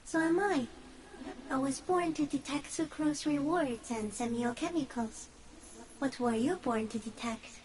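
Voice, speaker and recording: An eerie, ancient female insect creature speaks in a high, airy voice. Her phrases drift slowly and softly, otherworldly and strange, as a video game creature. A faint hiss lingers under her. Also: poor audio. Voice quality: soft, drifting, often breathy. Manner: slow, otherworldly, halting phrases.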